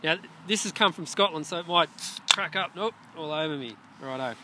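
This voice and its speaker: An Australian man co-hosting a jokey sports show outdoors, with deadpan, absurd humour. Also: a little high, brisk, very noisy. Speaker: co-host. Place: outdoors at a netball stadium.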